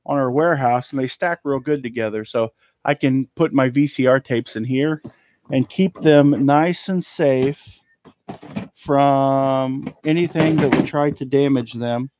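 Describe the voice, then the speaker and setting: An eBay reseller shows off his haul in a casual live chat from a cluttered indoor storage room, rambling and trailing off with ums. His voice is medium-pitched and darkish, measured in pace, with a little hiss or hum on the recording.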